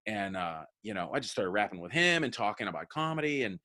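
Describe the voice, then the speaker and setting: A man in his thirties with a lowish voice tells loose, rambling stories from his career in easy interview talk. He keeps slipping into the voices of the people he quotes, circling back with repeated words as he goes. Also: very animated, quick pace, sharp tone. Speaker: comedian guest. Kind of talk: casual interview chat.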